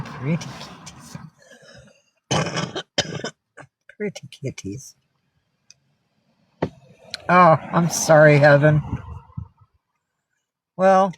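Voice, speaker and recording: Chatty, cussing woman livestreamer. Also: fairly low pitch. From upstate New York. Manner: chatty, greets viewers by name, swears freely. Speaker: livestream host. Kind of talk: casual livestream chat.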